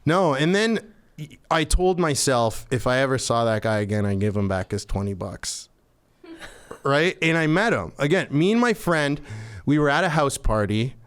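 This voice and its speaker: Smooth-voiced man telling a story. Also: mid-range voice, moderate pace. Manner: animated, acts out quoted voices. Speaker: podcast guest. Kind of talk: casual comedic storytelling. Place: podcast studio.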